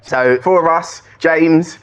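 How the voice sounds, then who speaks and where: A man, a panellist on a comedy show, telling an anecdote in a relaxed way. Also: a little high, slow, smooth. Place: TV studio.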